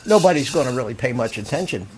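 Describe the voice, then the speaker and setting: A man's voice: medium pitch, expressive, fast, a crowd in the background. An older man hosting a live stream, chatting casually and rambling, often laughing as he reads out viewer comments.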